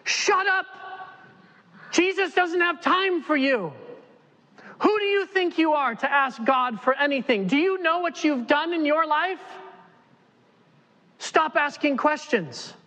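A man voicing a scornful male enemy spirit, shouting taunts in a high, strained voice. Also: lively intonation, slow, pauses often, full character voice. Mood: taunting. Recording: long reverb in a church hall.

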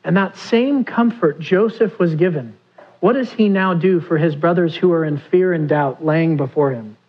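A man's voice: on the high side, normal speed, breathy edge, lo-fi sound. A man preaching a sermon, who asks his listeners questions and acts out the pleas he quotes. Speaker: pastor.

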